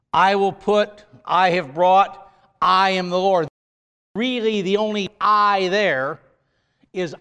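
A male preacher delivers a sermon in a fairly high, smooth and resonant voice. He speaks slowly and leans hard on single words, stretching them out for emphasis. His voice carries a long reverb, as if it fills a big hall. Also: a bit bright. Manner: emphatic, drawn-out stresses on key words.

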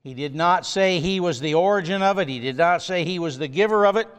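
A man's voice: high voice, brisk, smooth, long reverb tail. A man preaching a sermon, leaning hard on key words and drawing them out for emphasis.

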